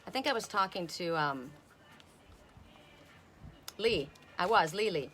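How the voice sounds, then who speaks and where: A woman's voice: lowish voice, lively intonation, slow pace, fairly bright tone, slight background noise. A woman reading oracle cards on a casual live stream outdoors, talking bluntly and swearing freely. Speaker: oracle card reader.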